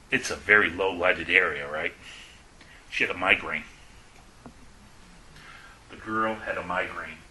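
A man preaching a testimony-style sermon, telling stories and acting out the dialogue, often dropping to a hushed voice for the quoted lines. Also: fairly low pitch, a little hiss or hum, poor audio.

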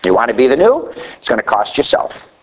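A middle-aged man preaching a sermon, telling a story with animated delivery that swings between loud emphasis and quiet asides. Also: brisk, a little hiss or hum, rough recording. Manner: animated storytelling preacher, rising to a near shout then dropping low.

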